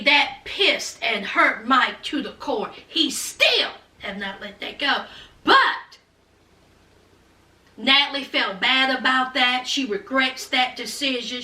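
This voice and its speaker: A woman's voice: expressive, slow, sharp tone, roomy sound, distant mic. A woman hosting a reality TV recap in a casual, sassy chat, calling viewers y'all and honey and acting out quotes with big swings in her voice. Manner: acts out quotes with big swings in pitch and volume.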